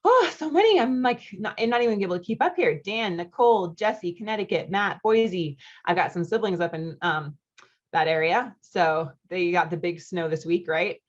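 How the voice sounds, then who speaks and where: A woman's voice: lowish voice, normal speed, lo-fi sound. A woman in her thirties from the United States, a marriage coach hosting a live online masterclass in a chatty, upbeat way, reading out chat comments with friendly asides.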